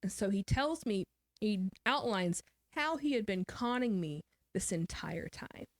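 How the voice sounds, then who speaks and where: A woman speaks candidly as an interview guest, recounting a hard personal story. Her voice sits at a middle pitch and is recorded close and dry, with no room sound. She drops into a somber tone at the painful parts and slips in quick quotes of other people. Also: expressive, no echo. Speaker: guest author.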